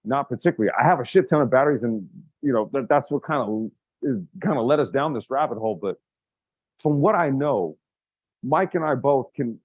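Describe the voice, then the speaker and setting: A man's voice: mid-range voice, slightly rough, dry recording, phone-quality sound. A man co-hosting a podcast, talking casually as he brainstorms, rambling with frequent restarts and swearing. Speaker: podcast co-host.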